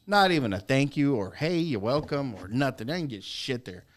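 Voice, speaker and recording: A man's voice: mid-range voice, lively intonation, moderate pace. A man from Texas, chatting casually on a podcast and telling profane travel stories.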